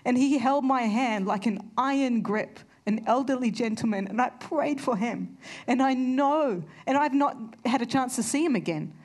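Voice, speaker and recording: A woman's voice: a little high, normal speed, hardly any pauses, a little mellow. Earnest woman preaching a sermon. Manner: earnest, storytelling with conversational asides.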